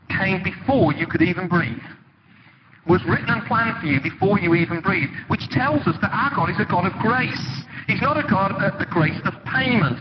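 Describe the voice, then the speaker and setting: A man preaching a sermon in a church, conversational and animated, telling stories with sudden dramatic emphasis. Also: high voice. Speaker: pastor. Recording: dull, lo-fi with loud background noise.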